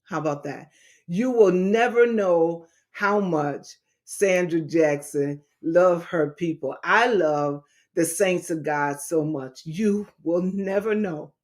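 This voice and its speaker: A woman with a lowish, slightly mellow voice hosts a talk show and also writes books. She speaks to her audience slowly and in a heartfelt, preacherly way about healing and her book, calling listeners "baby" and "saints."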